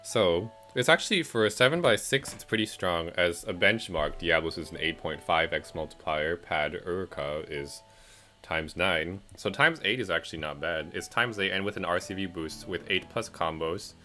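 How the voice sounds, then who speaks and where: A man's voice: deep voice, normal speed, bright, forceful tone, soft background music. A man casually reviewing game updates in a rambling way, with lots of fillers and self-corrections. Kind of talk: casual commentary. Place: home, music playing behind.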